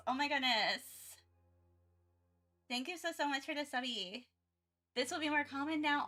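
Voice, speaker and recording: Excitable bright-voiced woman streamer. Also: high voice, normal speed, long pauses, soft background music. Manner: excitable, chatty, rambling with many restarts. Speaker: art streamer. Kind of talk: casual livestream chat.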